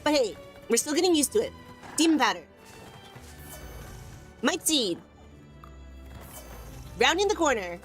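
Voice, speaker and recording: A woman's voice: high-pitched, big pitch swings, a little slow, pauses often, faint music behind. A young woman giving bubbly, self-teasing live gameplay commentary from home as a streamer. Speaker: gaming streamer.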